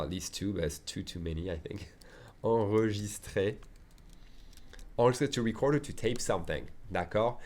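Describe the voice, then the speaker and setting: A French man with a French accent, teaching a chatty beginner language lesson, repeating phrases and checking in often. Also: lowish voice.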